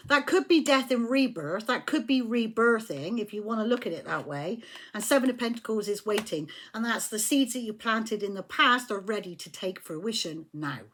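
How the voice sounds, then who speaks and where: A woman's voice: fairly high pitch, a bit bright. A woman giving a casual tarot reading, blunt and emphatic, swearing when riled. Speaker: tarot reader.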